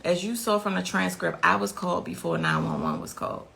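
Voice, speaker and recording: Grieving mother giving interview testimony; gravelly, frantic retelling. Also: on the low side, huge pitch swings, a little fast, pushed and bright. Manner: recounts events with rising, frantic intensity.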